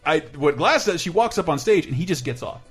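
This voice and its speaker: A man's voice: a little high, expressive, a little fast, husky, soft background music. A man hosting a podcast, chatting casually and laughing often, a little out of breath. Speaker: podcast host.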